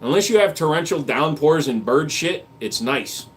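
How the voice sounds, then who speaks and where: A man's voice: a little high, animated, moderate pace. A man hosting a livestream, reading chat comments aloud and answering with crude jokes and casual gun talk. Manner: crude joking banter, reads comments aloud.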